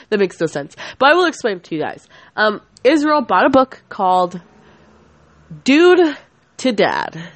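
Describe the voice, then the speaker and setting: A woman's voice: fairly high pitch, very animated, unhurried, no echo. Young woman venting, dry close sound. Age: 20s. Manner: rambling, profane, angry, self-interrupting. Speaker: podcast host. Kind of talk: casual venting monologue.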